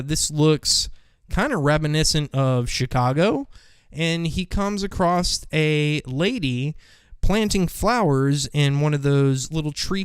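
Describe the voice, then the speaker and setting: Male host, unhurried, clear, dry sound, profane rambling clip commentary. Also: on the high side, no echo. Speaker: show host. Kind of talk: casual commentary on video clips.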